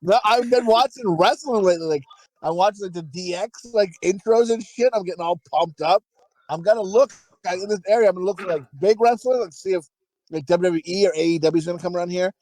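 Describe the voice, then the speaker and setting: A man with a fairly high voice chats excitedly as host of a casual podcast, rambling and swearing freely. The sound is dry and close, with no room echo. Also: fairly quick.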